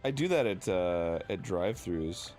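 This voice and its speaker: A man's voice: low-pitched, expressive, measured pace, darkish tone, soft background music. A man co-hosting a casual chat, playful and jokey, swinging into goofy exaggeration. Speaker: podcast co-host. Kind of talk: casual banter.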